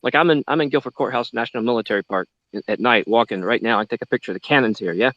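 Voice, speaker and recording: A man's voice: medium pitch, very fast, a bit bright, dry recording, lo-fi sound. A man from North Carolina, walking through a park at night and chatting eagerly on a group call from his phone. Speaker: panel participant. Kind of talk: casual group video chat.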